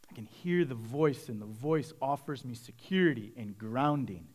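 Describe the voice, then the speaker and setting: A man's voice: medium pitch, animated, moderate pace. A man preaching a sermon as pastor, talking to the congregation in a conversational, reflective way.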